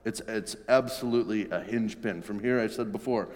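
A man's voice: on the low side, normal speed, darkish tone. Earnest man preaching in a reverberant hall. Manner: conversational, earnest, with restarts. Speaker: pastor. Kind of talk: sermon. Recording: long reverb in a large hall.

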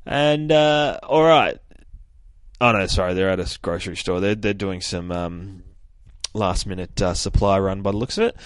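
A low-voiced man hosts a podcast and recaps a comic book with a loose, swearing, self-mocking energy. The recording is dry and close to the mic. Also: moderate pace, clean tone, dry recording. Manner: animated, profane, laughs at himself. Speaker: podcast host.

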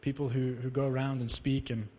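Young South African preacher in a hall. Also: male voice, medium pitch, fairly quick. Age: young adult. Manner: animated storytelling, rising to excited exclamations. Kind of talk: sermon with personal testimony. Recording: reverberant hall.

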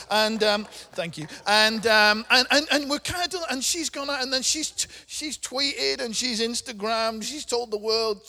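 A man's voice: high voice, moderate pace, hardly any pauses, bright, forceful tone. A middle-aged man preaching a sermon in a conversational way, with humorous asides. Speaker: pastor. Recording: long hall reverb.

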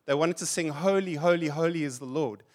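High-voiced man preaching. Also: brisk, darkish tone. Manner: conversational preaching, tells funny anecdotes and laughs. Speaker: pastor. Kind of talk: sermon.

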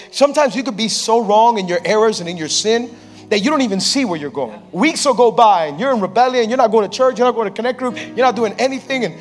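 A pastor preaching a sermon on a church stage, telling a story playfully and acting out the people in it. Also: male voice, high-pitched. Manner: lively, playful storyteller who acts out quotes.

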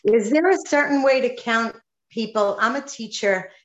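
A woman's voice: fairly high pitch, normal speed. A woman who is a teacher, asking the rabbi a question from the audience. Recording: distant, roomy, dull audience mic.

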